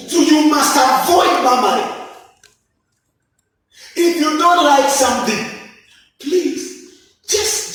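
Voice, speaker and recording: A man's voice: high voice, fairly bright tone. A man preaching a sermon with emphatic repetition and scripture quotes, from Kenya. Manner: emphatic preaching, repeating key lines, quoting scripture. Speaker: apostle preaching. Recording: echoey church hall, voice from far off.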